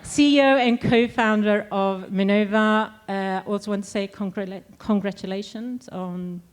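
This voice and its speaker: A woman from Sweden moderating a conference panel on stage, speaking in an upbeat, lively way. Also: medium pitch, normal speed.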